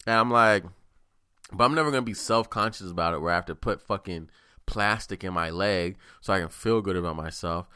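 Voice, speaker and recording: A man's voice: low-pitched, a little fast, pushed and bright, smooth, no echo, clean studio sound. A man hosting a podcast, telling stories in a rambling, profane, casual monologue. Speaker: podcast host.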